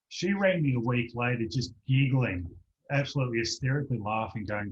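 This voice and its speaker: A man, a practitioner telling a lively anecdote as a guest in an online interview, acting out the voices of the people in it. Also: mid-range voice, a little fast. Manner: animated storyteller, acts out voices in anecdotes. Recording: dull lo-fi online call audio.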